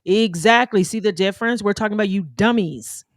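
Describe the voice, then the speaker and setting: Middle-aged co-host, brash and punchy, mid-pitched, dry close sound. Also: quick pace, dry recording. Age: 40s-50s. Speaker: podcast co-host. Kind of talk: podcast chat.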